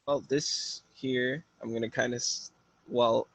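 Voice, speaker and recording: A man's voice: mid-range voice, little pitch movement, takes it slowly, fairly bright tone. A man playing a tabletop game, chatting casually with the group. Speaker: player.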